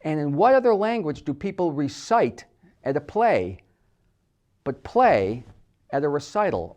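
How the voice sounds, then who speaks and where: A man hosting a short TV segment, giving a scripted commentary with emphatic, playful stress on words. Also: fairly high pitch. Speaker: host.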